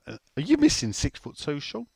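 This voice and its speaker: A man's voice: a little high, huge pitch swings, fairly quick, creaky, slightly rough, no echo. A man co-hosting a casual football chat, teasing and answering listener questions. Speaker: podcast co-host.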